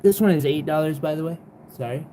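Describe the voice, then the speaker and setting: Speaking fast in a mid-range voice with a dark tone, a young adult hosts a live jewelry sale as slight background noise runs underneath. The chat is casual and rambling, exasperated, filler-heavy and dotted with the odd curse.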